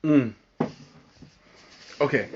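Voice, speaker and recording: His mid-range voice a little mellow and husky, a man hosts a live tea tasting in a casual, halting way, breaking off mid-sentence to find words amid frequent fillers and restarts. The recording is muffled.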